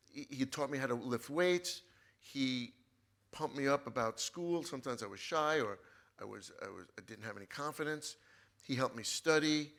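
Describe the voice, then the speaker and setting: A man, a guest author, telling a personal story in casual chat, animated and often restarting his sentences. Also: mid-range voice.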